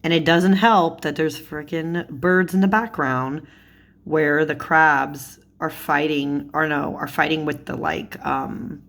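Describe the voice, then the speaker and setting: A young woman with a low voice talks casually to her viewers about cards she finds funny. She giggles often and leans on "like" as a filler. Her chat is loose and friendly. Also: fairly even intonation, slow pace, fairly bright tone. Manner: giggly, chatty, lots of "like" fillers. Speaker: tarot YouTuber.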